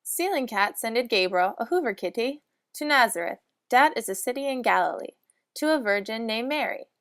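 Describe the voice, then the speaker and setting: A woman's voice: on the high side, expressive, moderate pace, a bit bright, dry recording. Woman reading comic lolcat story, mock-solemn. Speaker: narrator.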